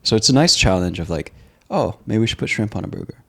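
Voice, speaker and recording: Laid-back man with a lowish voice. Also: fast talker, gravelly. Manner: relaxed, laid-back, trails off with ums. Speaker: restaurant co-founder guest. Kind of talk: casual interview chat.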